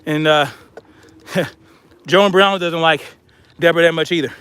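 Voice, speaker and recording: Hiking uphill on an outdoor trail with a pack, a vlogger talks bluntly to his viewers in a casual monologue, out of breath and calling them y'all. His voice is a little high, steady, a bit bright, clear and resonant, at a moderate pace, in a dry recording.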